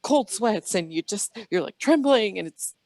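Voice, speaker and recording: A woman's voice: medium pitch, lively intonation, moderate pace, a little mellow. A woman guest on an interview show, telling rambling personal stories in a chatty way and acting out the dialogue. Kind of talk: casual storytelling interview.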